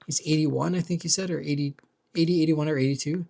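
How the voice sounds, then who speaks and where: With a fairly high, gravelly, darkish voice that holds a steady tone at a quick pace, a young vlogger rambles and curses through a casual tirade about his neighbors, leaning on "like" and "dude" constantly.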